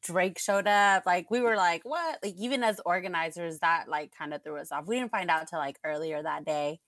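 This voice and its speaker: Gravelly-voiced woman guest. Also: lowish voice, steady tone, fairly quick, a bit bright, no room sound, studio quality. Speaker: guest, event promoter. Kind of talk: casual interview chat.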